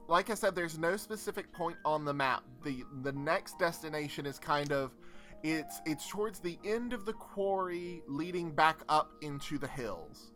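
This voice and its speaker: A young man guides the players through a tabletop adventure as game master, his voice bright and fairly high. He narrates in a relaxed, hesitant way, pausing often. Faint guitar music plays softly underneath. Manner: relaxed, hesitant with many ums.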